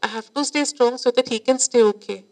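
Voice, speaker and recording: A woman with an Indian English accent speaks to a gathering as a spiritual teacher, her voice sitting somewhat high. Her delivery is earnest and emotional, and she drops Hindi phrases into her English. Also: fairly quick, a little mellow, poor audio. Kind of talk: devotional talk to an audience.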